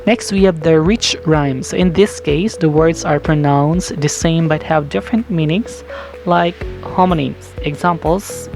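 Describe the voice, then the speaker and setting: A teacher with a Filipino accent giving a lecture, mixing English with Hiligaynon, explaining slowly, repeating terms and checking in with "okay?". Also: medium pitch, vocal fry, a little mellow, faint music behind.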